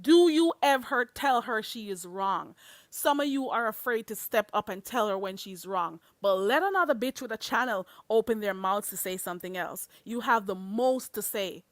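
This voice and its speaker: A woman's voice: mid-range voice, lively intonation, moderate pace, no echo. A young Caribbean woman with a Jamaican accent, ranting at her live chat in a confrontational way and slipping into patois. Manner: confrontational, heated, slips into patois. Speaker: livestreamer. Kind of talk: livestream rant to chat.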